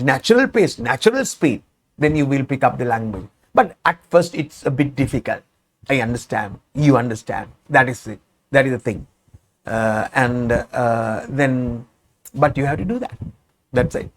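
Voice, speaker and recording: A man with a Sri Lankan English accent, a Sinhala speaker, teaching a spoken English lesson and explaining each phrase again and again, sometimes slowing down for examples. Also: medium pitch, animated.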